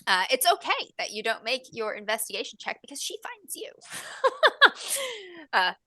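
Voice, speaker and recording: Game master narration, woman, animated and bright, casual chat. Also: sits high, a little slow, no echo. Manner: chatty with fillers and laughs.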